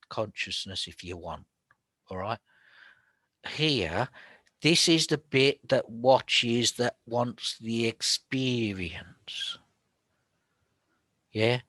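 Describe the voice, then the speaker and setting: A man teaching about spiritual healing in a chatty, colloquial way, often dropping to a hushed whisper. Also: fairly low pitch, no echo. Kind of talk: casual spoken teaching.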